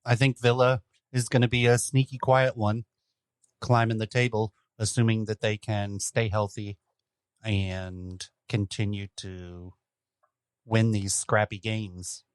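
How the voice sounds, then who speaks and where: A man co-hosting a soccer podcast, giving dry, deadpan takes in casual chat. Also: fairly low pitch, unhurried, no echo. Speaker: podcast co-host.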